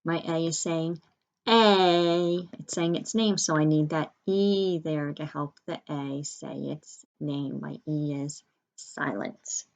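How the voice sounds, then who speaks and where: A woman's voice: sits low, takes it slowly, vocal fry, lo-fi sound. A woman teaching a spelling lesson to young children, carefully sounding out letters and words at a whiteboard. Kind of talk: early-grade spelling lesson.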